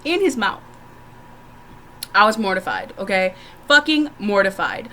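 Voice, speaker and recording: A woman's voice: mid-range voice, expressive, unhurried, pushed and bright, a little hiss or hum. A young woman vlogger telling candid stories to the camera, frank and profane, often laughing as she talks.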